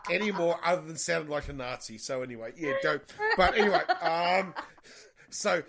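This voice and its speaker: A man's voice: fairly high pitch, moderate pace, vocal fry, a loud crowd. A man co-hosting a podcast in casual chat, stammering and swearing as he interrupts. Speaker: podcast co-host.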